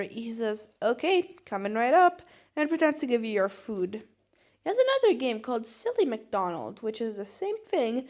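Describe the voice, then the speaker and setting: Animated high-voiced woman reading posts. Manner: animated, swings between deadpan mutters and loud outbursts. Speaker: reader of social media posts. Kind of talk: comedic reading aloud.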